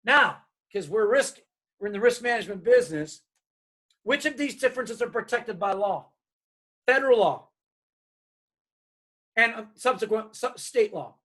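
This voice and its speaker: A man's voice: high-pitched, normal speed, pauses often. A middle-aged man giving a diversity workshop, telling stories and acting out the people in them. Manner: animated, acts out quoted dialogue. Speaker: diversity trainer.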